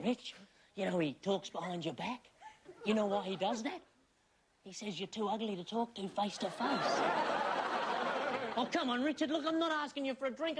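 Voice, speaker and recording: Australian male comic, high, wheedling drunk, noisy recording. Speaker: comedy performer. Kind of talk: sketch comedy.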